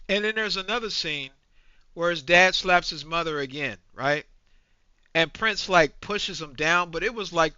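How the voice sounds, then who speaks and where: A man's voice: a little high, measured pace, pushed and bright, clean tone, dry recording. A man in his forties ranting angrily in a profane, repetitive movie review. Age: 40s. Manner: ranting, profane, repeats himself. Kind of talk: angry reaction rant. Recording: dull lo-fi dry recording.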